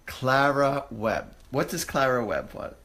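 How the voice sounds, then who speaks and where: A man hosting a live psychic reading, who talks in a halting, searching way with many fillers and restarts, then turns upbeat and reassuring. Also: mid-range voice, very animated, a bit bright. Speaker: psychic medium host.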